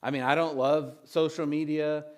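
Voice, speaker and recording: A man's voice: fairly high pitch, little pitch movement, normal speed, a little mellow. A man preaching a casual, conversational sermon, reading old scripture and retelling it with frequent restarts and asides. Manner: retells scripture with acted voices. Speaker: pastor.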